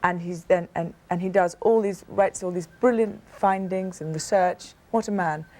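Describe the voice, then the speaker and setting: A woman's voice: fairly low pitch, fairly even intonation, moderate pace, a little mellow. A British woman in her thirties, a talk show guest telling personal stories with earnest emphasis and frequent restarts. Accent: British English. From Britain. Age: 30s. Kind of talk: personal storytelling in a TV interview.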